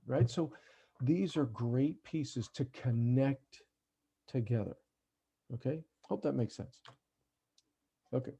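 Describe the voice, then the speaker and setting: Gravelly-voiced man leading a parent workshop. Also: mid-range voice, expressive, measured pace, warm tone. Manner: conversational, checks in often with "right?". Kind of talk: online parent workshop talk. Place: video call. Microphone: computer mic on a video call.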